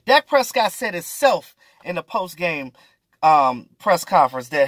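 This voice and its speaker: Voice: mid-range voice, very animated, unhurried, a bit bright, dry recording. A sports vlogger ranting through casual, exasperated commentary, with slang and swearing, hammering points by repeating them.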